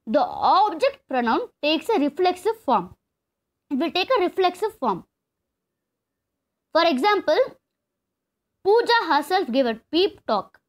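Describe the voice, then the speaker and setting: A woman teaching an English grammar lesson, explaining step by step and repeating key terms. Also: high-pitched. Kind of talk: classroom lesson.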